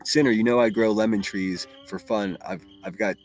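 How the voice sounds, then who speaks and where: A man with a Pittsburgh accent hosts a livestream in a low voice, chatting loosely, swearing freely and calling out names from chat. Faint music plays under his talk. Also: steady tone, normal speed. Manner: profane, chatty, reads chat names aloud. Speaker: livestream host. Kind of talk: casual livestream commentary.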